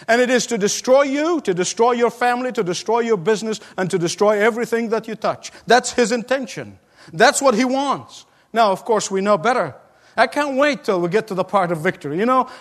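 A man's voice: high-pitched, big-room sound. A man preaching a sermon with emphatic repetition, often laughing between points.

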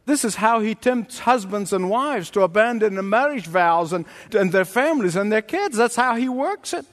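High-voiced preacher guy, super animated, big emphatic sermon, lots of hall echo. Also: normal speed. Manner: emphatic, dramatic, addresses the listeners directly. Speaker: pastor. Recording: long reverb in a large hall.

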